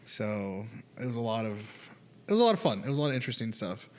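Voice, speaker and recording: A man's voice: fairly low pitch, fast talker. A man in casual studio chat, telling road-trip stories with lots of acted-out quotes. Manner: animated storyteller, acts out quotes.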